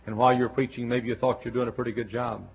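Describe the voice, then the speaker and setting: A man preaching a folksy revival sermon that swings between quiet, chatty asides and loud shouting. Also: mid-range voice, flat delivery, fast talker, husky. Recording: tinny lo-fi sermon tape.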